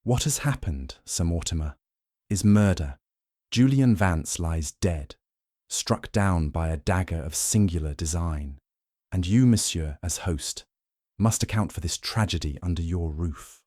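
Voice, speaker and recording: Poirot, a low-voiced man reading a shrewd detective. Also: mellow, dry recording, studio quality. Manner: measured, pointed questioning. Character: shrewd older male Belgian detective, probing. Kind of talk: audiobook narration.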